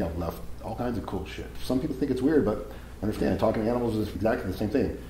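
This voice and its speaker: A man's voice: fairly low pitch, mellow, echoey room, slight background noise, rough recording. A man giving a live seminar talk to an audience, casual and profane, telling stories as he goes. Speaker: seminar speaker.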